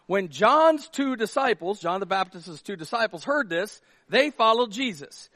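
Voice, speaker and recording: Animated high-voiced male pastor. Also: unhurried, few pauses, no room sound. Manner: animated storytelling, shouts quoted lines. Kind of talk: sermon.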